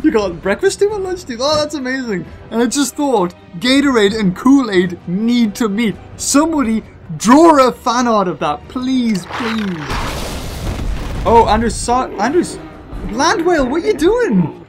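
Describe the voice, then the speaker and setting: A British man giving excitable gameplay commentary as a gaming video host, gushing and laughing between lines. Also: very high-pitched, measured pace, soft background music.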